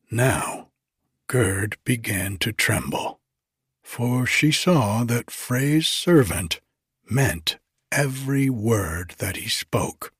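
A man reading a myth aloud as narrator, in soft, unhurried whispered storytelling. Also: lowish voice, breathy edge, no room sound, clean studio sound.

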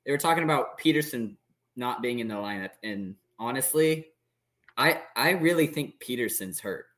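A man's voice: medium pitch, animated, moderate pace, a bit bright. A man co-hosting a sports podcast, talking casually with frequent stammered restarts. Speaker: podcast co-host.

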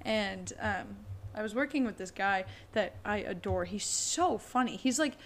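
A woman's voice: mid-range voice, lively intonation, a little slow, a little hiss or hum. A woman co-hosting a podcast, telling a story in casual chat, giggly and full of "like". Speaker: podcast co-host.

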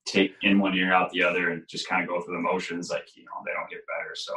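Speaking fast in a roomy space where the sound echoes, a goalie coach tells stories in casual conversation. His voice is very deep yet bright and forceful, and his loose, rambling delivery is full of fillers like "like" and "you know."

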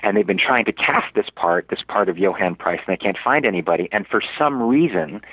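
A man's voice: lowish voice, animated, fairly quick, slightly rough, no room sound. A male actor telling a story as an interview guest, rambling with many fillers and restarts. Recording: dry, tinny, phone-like radio audio.

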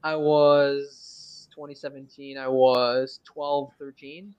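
A man's voice: mid-range voice, flat delivery, takes it slowly, darkish tone, smooth, dull audio. An eighteen-year-old man from Quebec whose first language is French. He is chatting casually as a stream guest, rambling with plenty of fillers and restarts. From Quebec, Canada. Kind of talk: casual chat.

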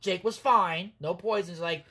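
A man's voice: high-pitched, measured pace, bright, forceful tone, husky. A man hosting a casual podcast, telling wrestling stories in a rambling, profane way and laughing as he goes. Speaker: podcast host. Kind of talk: casual storytelling recap.

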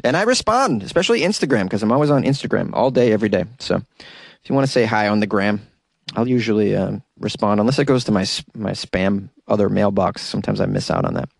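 A man's voice: fairly low pitch, lively intonation, quick pace, creaky, slightly rough, no room sound. A man hosting a podcast in a casual, comedic commentary style, sarcastic and mock-enthusiastic, chuckling as he talks. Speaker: podcast host.

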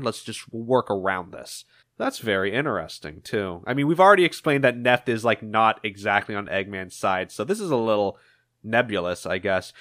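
A man's voice: medium pitch, fairly bright tone, no room sound, studio quality. A man co-hosting a podcast, casually retelling a comic storyline with chatty asides. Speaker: podcast co-host. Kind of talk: casual comic-book recap.

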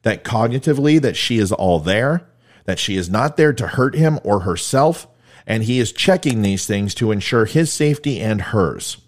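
A man's voice: on the low side, animated, moderate pace. Blunt man commentating on footage. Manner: emphatic, blunt, explaining step by step. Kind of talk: video commentary on police footage.

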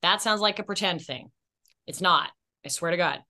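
A woman's voice: on the low side, moderate pace, pushed and bright. A woman actress as a podcast guest, telling candid, self-deprecating stories in casual chat.

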